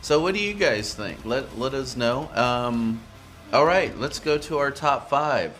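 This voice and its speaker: A man's voice: mid-range voice, expressive, measured pace, a bit bright. A man with a mid-range voice hosts a casual podcast and talks straight to his listeners. His speech is loose and full of fillers. Faint music plays under him. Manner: loose, filler-heavy talker addressing listeners. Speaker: podcast host.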